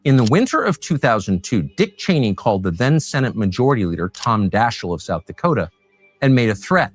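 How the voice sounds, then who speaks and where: Man, documentary narration, scripted, pointed, lively intonation, faint music behind. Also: mid-range voice, brisk, husky.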